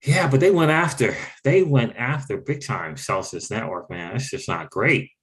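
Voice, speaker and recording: Animated man hosting a crypto livestream. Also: medium pitch, moderate pace. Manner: animated, exclaiming, repeats phrases for emphasis; reads out and thanks chat viewers. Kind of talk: casual livestream commentary.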